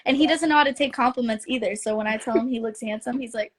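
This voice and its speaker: A woman joins a casual livestream as a guest. Her voice is high. She retells moments in a lively, laughing way. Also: fast talker.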